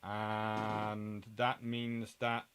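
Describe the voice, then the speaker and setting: A man's voice: on the low side, completely flat delivery, extremely slow, fairly bright tone, slight background noise. A middle-aged man from England, hosting a rambling live-stream chat and answering viewer comments. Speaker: host.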